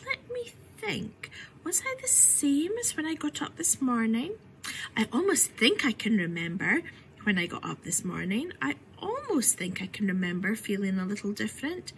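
A woman voicing a curious, fretful little Victorian girl in a storybook reading, switching between a bright voice and hushed whispers. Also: high-pitched, slight background noise, rough recording.

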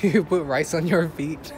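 A young man vlogging casually while shopping with a friend, animated and joking, laughing often, filmed on a handheld phone camera. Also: fairly high pitch, slow. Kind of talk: casual vlog chat. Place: shopping store. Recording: noisy store ambience, traffic.

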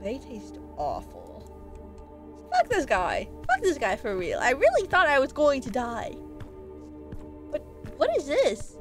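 A woman's voice: high voice, huge pitch swings, unhurried, soft background music, rough recording. A woman streaming a game who rambles, jokes, and chats with her viewers. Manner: rambling, jokey, chatty with viewers. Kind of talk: casual game commentary.

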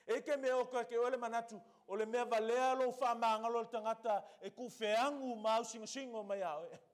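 High-voiced Samoan-accented pastor. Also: male voice. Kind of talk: sermon. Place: church.

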